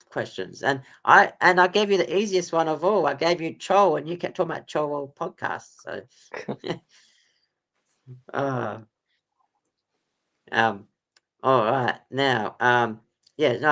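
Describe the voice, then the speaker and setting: Unhurried and medium-pitched, this man has a sharp edge to his tone. He's running a quiz on a laid-back sports podcast, wandering off track with frequent ums and laughs.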